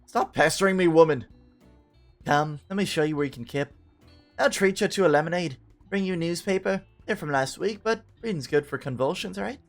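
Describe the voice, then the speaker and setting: A man's voice: a little high, brisk, soft background music, natural voice. A man voicing a gossipy, folksy middle-aged mother in a game, chatty and fond of homespun phrases. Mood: fussing.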